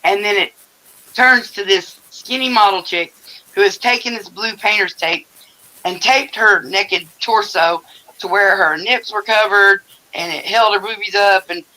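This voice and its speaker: An older man hosts a casual livestream from his home, telling crude stories in a blunt, profane way. His voice has a bright, edgy tone. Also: high-pitched, a little slow, rough recording. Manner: blunt, profane storytelling with laughter. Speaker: livestream host. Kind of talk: casual chat.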